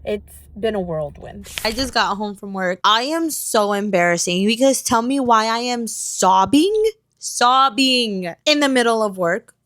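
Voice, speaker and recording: Young woman, twenties, casual book vlog on phone at home, gushy and dramatic, a touch high-pitched. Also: lively intonation, unhurried, a bit bright. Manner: gushing, dramatic, swears freely. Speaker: book vlogger. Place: home, at night.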